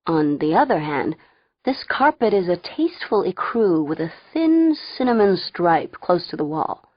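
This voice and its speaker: A woman's voice: lowish voice, sing-song, measured pace, dry recording, dull audio. A woman voicing a blind, wisecracking teenage boy in an audiobook. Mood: dry.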